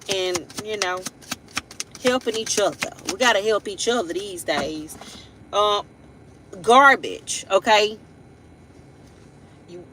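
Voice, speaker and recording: With a high-leaning, fairly bright voice, a woman runs a casual live tarot reading, and the low-quality audio has a little hiss or hum. She rambles in a blunt, playful way, using everyday slang, laughing asides, and plenty of tag questions.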